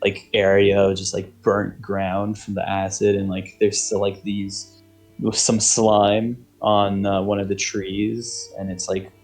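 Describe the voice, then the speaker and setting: Low-voiced man running a tabletop game. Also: little pitch movement, slow pace, a little mellow, faint music behind. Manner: rambling, hesitant, many fillers. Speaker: game master. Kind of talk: narrating a tabletop game over voice chat.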